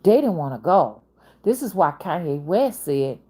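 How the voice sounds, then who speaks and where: A woman's voice: mid-range voice, big pitch swings, normal speed, mellow, breathy edge. Rambling Southern woman in her fifties. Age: 50s. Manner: rambling, jumps between topics. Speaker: spiritual reader and channel host. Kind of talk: casual spoken monologue.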